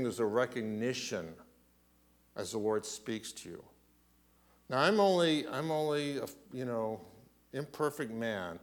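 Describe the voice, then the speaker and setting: A man preaching a sermon, asking rhetorical questions and often clearing his throat. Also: mid-range voice. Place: church.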